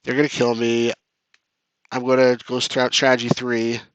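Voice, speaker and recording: A man's voice: mid-range voice, monotone, moderate pace, a bit bright, clean tone, dry recording. A man casually commenting as he plays a retro strategy game live, chatting with viewers and joking about his losses. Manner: chatty, reads chat aloud, jokes at his own losses.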